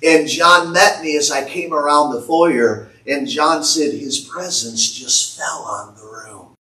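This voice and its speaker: A man preaching a prophetic sermon from the pulpit, slowly declaiming words he says he heard from the Lord. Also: a little high, sharp tone. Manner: slow, declaiming prophecy in the Lord's voice with rising intensity. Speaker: pastor. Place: church sanctuary. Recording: echoey church from far off.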